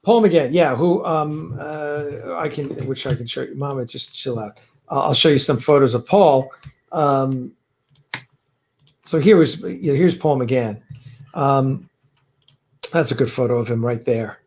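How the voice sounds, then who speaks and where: Hosting a casual livestream chat from home with fireworks going off outside, a man rambles with lots of fillers and restarts. His voice is medium-pitched, a little slow and darkish in tone.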